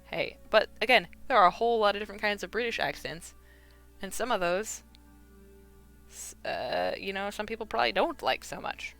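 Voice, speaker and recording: A woman's voice: mid-range voice, normal speed, creaky, fairly bright tone, soft background music. A woman with a Midwestern American accent chatting casually on a live stream while she crafts, rambling and filling with "like" and "you know.".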